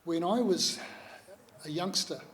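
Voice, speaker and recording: Reflective New Zealand man, slightly high. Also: fairly bright tone, a little hiss or hum. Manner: measured, reflective, with many pauses and hesitations. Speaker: speaker at a public talk. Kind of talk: personal talk to an audience.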